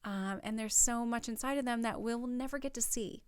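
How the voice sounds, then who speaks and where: A woman's voice: a little high, normal speed, smooth, no echo. Woman giving acting tips, dry sound. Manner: encouraging, conversational, with fillers. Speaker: acting coach. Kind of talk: spoken acting workshop tips.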